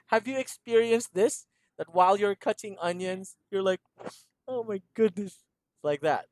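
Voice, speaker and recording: A man's voice: sits high, expressive, unhurried, no room sound. A man teaching a one-on-one English lesson over a video call, patiently repeating instructions and laughing often. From Philippines.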